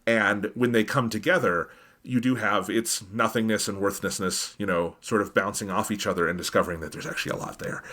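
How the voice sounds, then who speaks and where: Co-hosting a podcast about anime, this man thoughtfully and casually analyzes a film's themes, perking up when he quotes the characters. His pitch is fairly low and he talks a little fast.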